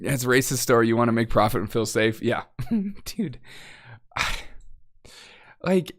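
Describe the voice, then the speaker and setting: A man's voice: medium pitch, expressive, unhurried, fairly bright tone, dry recording, clean studio sound. Sarcastic man hosting a comedy show. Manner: sarcastic, mocking, laughing often. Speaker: comedy news show host.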